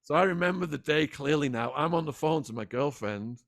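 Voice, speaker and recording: A man guest in a sit-down interview, retelling events in an animated, dramatic way. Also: a little high, brisk, no room sound, studio quality. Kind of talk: vivid storytelling in a sit-down interview.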